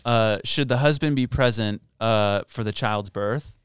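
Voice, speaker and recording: A man co-hosting a comedy podcast, teasing in a deadpan, casual way. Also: on the low side, unhurried, clear, resonant tone, dry recording.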